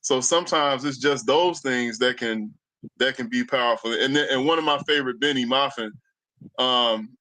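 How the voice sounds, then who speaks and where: A jazz-playing man on a livestream panel with a bright, forceful tone and a dry, close sound. He thinks out loud and gropes for the right words. He talks over a remote call mic. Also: mid-range voice, moderate pace, no echo, rough recording. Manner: thoughtful, searching for words. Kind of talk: casual panel chat on a livestream.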